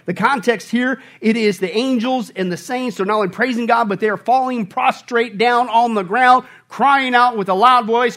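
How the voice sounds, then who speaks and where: High-voiced preacher, loud and animated. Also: male voice, moderate pace, hardly any pauses. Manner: swings from quiet to loud, mocking voices. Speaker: pastor. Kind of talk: sermon.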